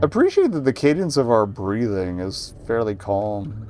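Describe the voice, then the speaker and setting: A man streaming a game, talking through it in wry, low-key asides. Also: sing-song, moderate pace, a little mellow, slight background noise. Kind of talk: casual let's-play commentary.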